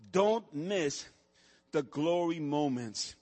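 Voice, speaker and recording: A man preaching a sermon as pastor, building from soft, quiet passages to shouted, repetitive refrains. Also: high voice, unhurried. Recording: long hall reverb.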